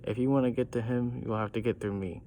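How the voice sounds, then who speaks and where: A man's voice: mid-range voice, fairly even intonation, quick pace, mellow, slight background noise, lightly acted. A man voicing a burly, brash wrestler who boasts and picks fights.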